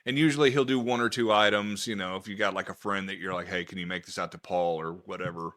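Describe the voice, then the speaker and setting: A man with a lowish, bright voice chats casually as a podcast host. He tells stories with animation and swears freely. The talk is loose and unscripted. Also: fairly even intonation, quick pace. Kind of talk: casual chat.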